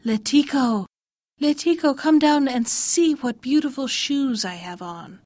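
A hungry lamia coaxes a girl down from a tree, her voice high and sugary, performed by a woman storyteller. The sound is close and dry, and the coaxing tips into menace. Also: animated, unhurried, a little mellow, dry recording. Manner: coaxing, then threatening. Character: wheedling female lamia, hungry monster.

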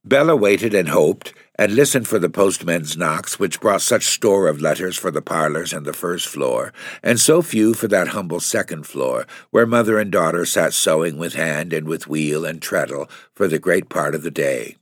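A low-voiced man narrates a classic novel in a measured, even style. His delivery is close and dry, with no room sound. It suits a steady audiobook reading. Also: dry recording. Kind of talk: scripted narration.

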